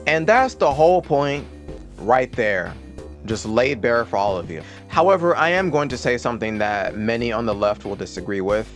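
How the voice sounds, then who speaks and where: A man's voice: medium pitch, animated, normal speed, soft background music. Sarcastic, swearing male commentator. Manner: sarcastic, profane, exasperated. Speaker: political commentary YouTuber. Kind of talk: casual commentary rant.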